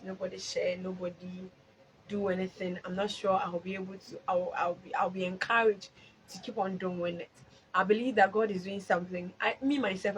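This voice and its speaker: Ghanaian woman, mid pitch, live-stream host, emotional testimony mixing English and Twi, faint noise under it. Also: low-quality recording. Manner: emotional, swings from loud exclaiming to soft prayerful tones; mixes English with Twi phrases.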